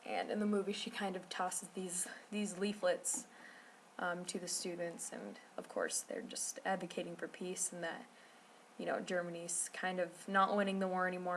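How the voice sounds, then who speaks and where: A woman's voice: on the low side, fairly bright tone, slight background noise. A woman telling a rambling travel story to camera, full of fillers and restarts. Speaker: vlogger.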